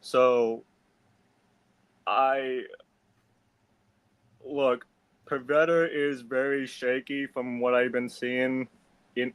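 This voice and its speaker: A man's voice: medium pitch, no room sound. A man from Massachusetts on a casual sports talk stream, giving blunt predictions and stumbling over repeated words. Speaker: guest panelist.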